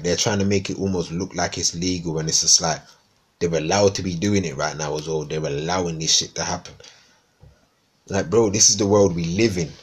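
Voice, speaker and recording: A man's voice: sits low, slightly rough. A man from East London with a Cockney accent, chatting casually and swearing a lot on a live stream. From East London, England. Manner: rambling, swearing, slangy.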